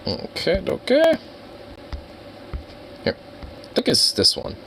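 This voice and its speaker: A man's voice: high voice, huge pitch swings, slow, vocal fry, fairly bright tone, a little hiss or hum. A man chatting casually on a live stream, rowdy and profane, laughing often. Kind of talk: casual chat.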